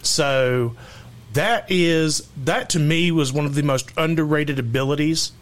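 Male podcast host with a slightly raised pitch, laid-back and chatty. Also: a little slow. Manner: relaxed, easygoing, many fillers. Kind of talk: casual chat.

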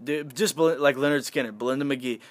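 A young man chatting casually on a podcast, telling a story in an animated way, laughing and swearing freely. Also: mid-range voice, brisk, no room sound.

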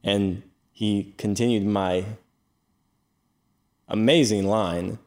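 A man's voice: lowish voice, fairly even intonation, slow pace, a little mellow. A man in his twenties co-hosting a casual podcast, reading chat messages aloud with a teasing, laughing manner. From United States. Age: 20s. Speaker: podcast co-host.

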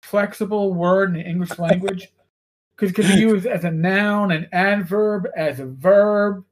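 A man who is a former police officer, co-hosting a podcast and telling stories in an animated, freely swearing way. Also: high voice, normal speed, slight background noise. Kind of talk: casual chat, storytelling.

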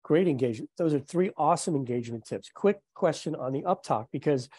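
A man's voice: fairly high pitch, lively intonation, a little fast, darkish tone, breathy edge. A man hosting an interview, asking the guest questions with enthusiastic, affirming remarks. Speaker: interview host. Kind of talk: casual interview chat.

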